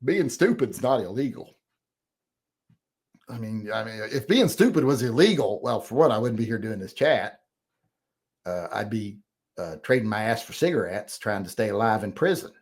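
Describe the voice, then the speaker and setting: A man's voice: lowish voice, lively intonation, moderate pace, breathy edge. A middle-aged man hosting a casual livestream chat, rambling and profane as he reads out comments and grumbles defensively about critics. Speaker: host.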